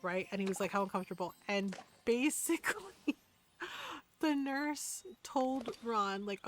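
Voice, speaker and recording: A woman's voice: a little high, expressive, a little slow. Chatty woman streamer telling a story. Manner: chatty, retells stories with lots of quoted back-and-forth and tag questions. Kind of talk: casual storytelling chat while gaming. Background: faint background music.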